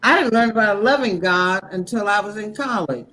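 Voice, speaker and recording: In a mid-range, slightly bright voice, with a little hiss or hum on the recording, a woman preaches about faith on a talk show. She is heartfelt and impassioned, swears bluntly, and speaks slowly and deliberately.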